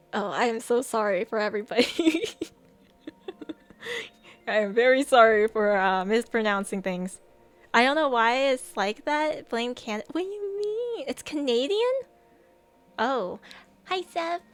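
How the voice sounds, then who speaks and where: A young woman with a slightly high voice chats casually with her stream, rambling and giggling between thoughts. She reads viewers' messages aloud and answers them, and soft music plays underneath. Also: lively intonation, measured pace.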